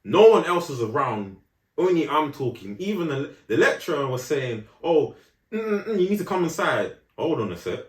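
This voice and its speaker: A man's voice: fairly high pitch, sing-song, moderate pace, roomy sound. A young man telling a story in casual podcast chat, full of slang and "do you know what I'm saying" asides. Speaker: podcast co-host.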